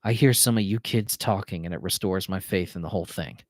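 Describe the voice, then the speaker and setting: A man voicing a gruff, weary older Marine gunnery sergeant who talks in an earnest way. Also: low voice, a little fast, no echo, clean studio sound, natural voice. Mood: moved.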